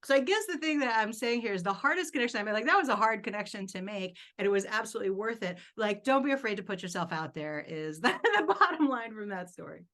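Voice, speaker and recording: A woman speaks on a panel in a conference room and tells a personal anecdote. Her voice is mid-pitched and expressive. She jumps up in pitch as she replays her own reactions. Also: fast talker, few pauses. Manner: lively, acts out her own reactions in quotes, laughs. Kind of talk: animated personal storytelling.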